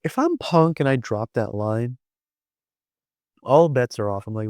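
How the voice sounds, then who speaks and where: A man's voice: medium pitch, animated, measured pace, long pauses, darkish tone, no room sound, studio quality. A man giving casual commentary on his vlog, rambling with lots of fillers and restarts. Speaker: wrestling vlogger.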